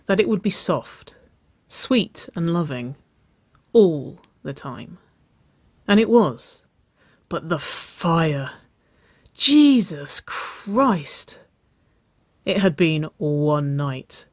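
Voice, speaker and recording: A narrator reading romance fiction aloud with slow, lingering expression. The voice sits at a middle pitch. The recording is dry and close. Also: no room sound.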